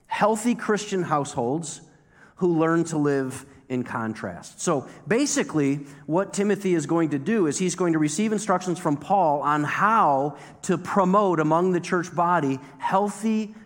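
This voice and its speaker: Male pastor, conversational sermon delivery, emphatic repeats, slightly high voice, long hall reverb. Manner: conversational preaching, emphatic repetition.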